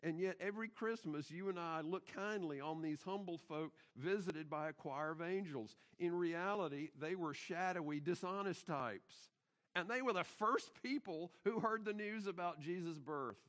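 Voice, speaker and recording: A middle-aged man preaching in a church, his voice sitting a little high for a man. He delivers the sermon emphatically and keeps turning to the congregation with rhetorical questions. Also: normal speed, a bit bright. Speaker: pastor. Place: church sanctuary.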